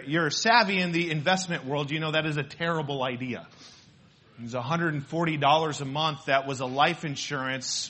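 A male preacher delivers a sermon in a chatty, storytelling way. His voice sits high and bright with a husky grain. He keeps turning to the congregation with questions. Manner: conversational, asks the congregation questions. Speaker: pastor.

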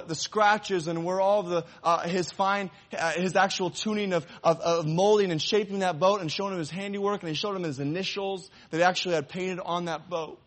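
A man preaching a sermon, telling a story and then turning it into an appeal to the congregation. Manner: animated storyteller, voices the excited boy in a raised pitch; slows and softens for the closing appeal. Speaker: pastor.

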